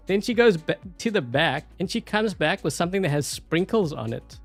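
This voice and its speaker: A man's voice: high-pitched, lively intonation, normal speed, soft background music. A man with a South African accent giving rambling, casual gameplay commentary, full of fillers and laughing often. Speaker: gameplay YouTuber.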